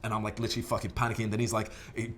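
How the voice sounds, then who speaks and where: A man with a somewhat low voice speaks in a loose, profanity-laced monologue, rambling and animated. Faint background noise sits under him. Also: rapid-fire. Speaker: fitness vlogger. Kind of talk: casual monologue to camera.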